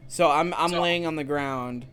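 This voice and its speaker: Jokey guy with a slightly high voice. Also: unhurried, a bit bright, smooth. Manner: laid-back, jokey, swears casually. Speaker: gaming channel co-host. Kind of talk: casual chat over gameplay.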